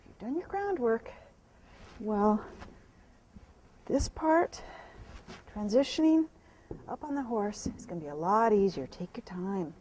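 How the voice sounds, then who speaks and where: A woman horse trainer explaining groundwork while working a horse, softly praising the animal between instructions. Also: on the high side, a little hiss or hum.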